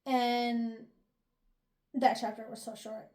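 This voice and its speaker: A woman's voice: on the high side, flat delivery, slow pace, darkish tone. A young woman co-hosting a book review podcast, retelling chapters casually and acting out the characters' lines with lots of laughs. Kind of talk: casual book recap chat.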